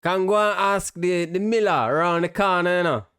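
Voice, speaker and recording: A man putting on an exaggerated, mocking voice for a village barmaid, drawn out and slow. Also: high-pitched, clean tone, voice pushed up, close to an everyday voice. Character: mock-accented village barmaid woman.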